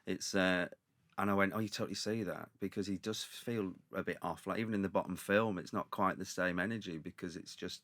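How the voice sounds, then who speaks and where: A comedian telling rambling anecdotes in casual chat, acting out quotes in lively voices. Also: male voice, sits low, brisk, dry recording. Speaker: comedian guest.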